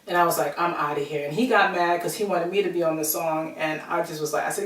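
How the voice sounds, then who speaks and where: A woman telling a personal story to her viewers in a chatty, animated way, acting out the people she quotes. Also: on the low side, a little fast. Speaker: vlogger. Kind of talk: casual storytelling to camera. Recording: roomy echo, from a distance.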